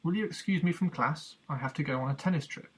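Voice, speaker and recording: A man's voice: fairly high pitch, quick pace, slightly rough. A man reading as a pleading young student. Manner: insistent, then sheepish. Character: young male student, pleading, then meek.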